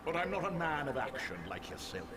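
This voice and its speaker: A man's voice: a little high, big pitch swings, a little fast. An actor playing a folksy old male mentor in a video game, coaxing and fatherly, calling the hero laddie. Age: older. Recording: game audio under loud noise.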